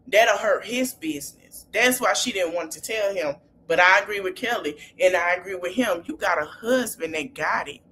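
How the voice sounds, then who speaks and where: A woman's voice: medium pitch, a bit bright, a little hiss or hum. A woman hosting a podcast, retelling reality-show scenes in a chatty, gossipy way. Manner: chatty gossipy retelling with African American Vernacular English. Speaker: podcast host. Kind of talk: casual reality-TV recap.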